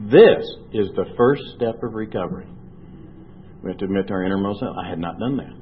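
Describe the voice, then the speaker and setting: A man's voice: lowish voice, brisk, slightly rough, narrow, tinny audio. An older man giving earnest personal testimony to a recovery meeting, telling his story and acting out the dialogue he remembers. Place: meeting room.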